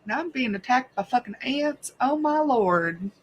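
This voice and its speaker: A woman's voice: fairly high pitch, animated, a little slow, lo-fi sound, noisy background. A woman chatting on a casual livestream from home, swearing freely and laughing often as she tells stories. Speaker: livestream host.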